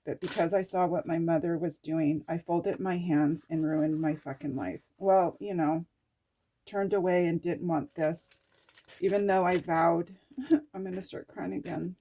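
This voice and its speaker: Female spiritual vlogger, lowish voice, unhurried, effusive reactions to scripture. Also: steady tone, mellow, slight background noise. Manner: emotional, exclamatory, reads scripture aloud and reacts. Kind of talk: reflective spiritual reading.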